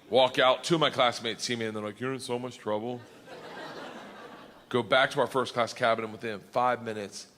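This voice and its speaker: A man doing stand-up storytelling, loud and excitable, swearing and building to shouts, on a roomy stage with audience noise. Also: medium pitch. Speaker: comedian.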